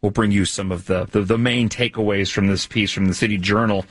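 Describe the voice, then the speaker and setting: A man's voice: fairly low pitch, fairly even intonation, brisk, no room sound. A man co-hosting a talk radio show, rambling with fillers and restarts. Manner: rambling, many fillers and restarts, laughs easily. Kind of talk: casual talk radio banter.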